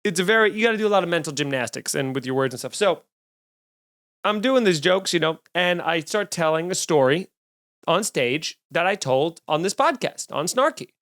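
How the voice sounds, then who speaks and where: A man hosts his solo comedy podcast, telling a rambling story. His voice sits a little high for a man, and he swears freely and mocks himself as he goes. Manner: profane, animated, self-deprecating storytelling.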